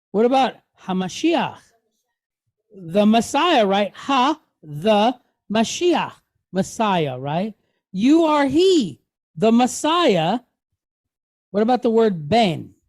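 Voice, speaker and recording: Woman teacher, slow and patient, walks a class through sounds and keeps asking questions. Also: medium pitch, a little mellow. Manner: quizzes the class, tags lines with "right?"; patient, spells sounds out step by step. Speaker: Hebrew teacher. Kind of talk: classroom lesson.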